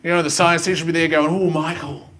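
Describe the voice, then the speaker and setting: Young Australian comic, animated and self-mocking, highish voice, faint room noise. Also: male voice, very fast. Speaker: stand-up comedian. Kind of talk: stand-up comedy set. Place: school theatre with live student audience. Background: faint audience ambience and laughter.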